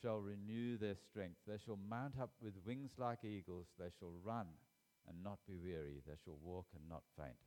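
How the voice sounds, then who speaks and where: A man with a low, slightly mellow voice preaches a sermon a little slowly, reading scripture aloud. He's emphatic, repeating key phrases and rising sharply in voice to stress them.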